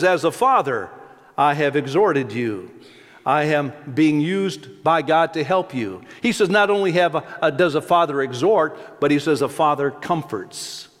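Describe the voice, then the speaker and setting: A middle-aged male pastor preaching a sermon, telling stories in a folksy way and often repeating words as he restarts. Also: a little high. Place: church sanctuary. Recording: long hall reverb.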